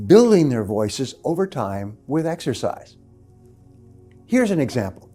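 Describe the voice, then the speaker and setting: Guy giving a motivational talk, slow emphatic teaching voice, mellow and dark, faint music behind. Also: medium pitch. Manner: measured, emphatic instructional delivery. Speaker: motivational speaker. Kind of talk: motivational speaking lecture. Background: soft background music.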